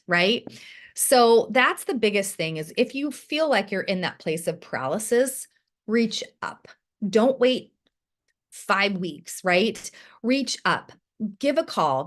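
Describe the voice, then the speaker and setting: A woman director giving an encouraging, conversational training talk over a video call to her team. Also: medium pitch. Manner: encouraging, conversational, often asks "right?".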